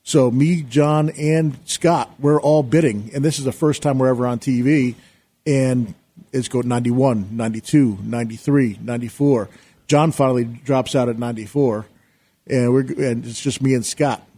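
Man, middle-aged, talk show guest, rambling storyteller, bursts into loud quotes. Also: mid-range voice, moderate pace, breathy edge. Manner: rambling, excitable, acts out quotes loudly. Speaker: guest, real estate investor. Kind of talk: animated storytelling.

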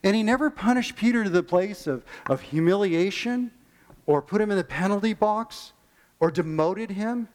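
A man preaching in a church with a fairly high voice. He delivers an animated sermon, acts out the voices of the people in his stories and slows right down on the lines he wants to land. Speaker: pastor.

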